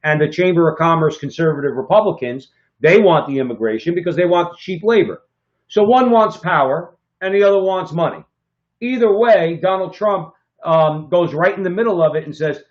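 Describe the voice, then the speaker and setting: Man, talk show co-host, slightly high voice, emphatic, punchy delivery, slightly muffled audio. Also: expressive, normal speed. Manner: emphatic, repeats "okay?" for stress. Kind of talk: political talk show commentary. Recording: slightly dull lo-fi sound.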